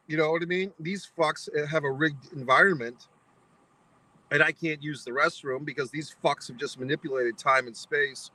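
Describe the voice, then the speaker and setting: Profane, bright-voiced man ranting. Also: on the high side, moderate pace, no room sound, rough recording. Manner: foul-mouthed, exasperated, mock-philosophical. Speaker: vlogger. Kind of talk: profane ranting anecdote to camera.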